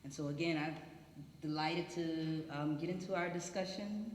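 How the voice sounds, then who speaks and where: A woman's voice: low-pitched, moderate pace, a little hiss or hum. Upbeat woman in echoey hall. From Atlanta, USA. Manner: upbeat, proud, chatty. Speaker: scientist panelist. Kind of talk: panel self-introduction. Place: church hall. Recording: echoey hall, faint room ambience.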